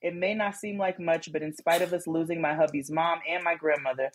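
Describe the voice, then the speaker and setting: A woman co-hosting a casual podcast, reading listener letters aloud with lively asides and laughter. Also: low voice, a little fast, slight background noise. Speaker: podcast co-host.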